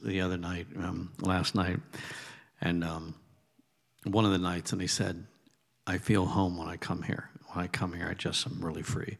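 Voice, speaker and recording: Pastor, male, deep and gravelly, halting delivery with fillers, reverberant hall. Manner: halting, warm-hearted, many fillers. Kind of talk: church introduction.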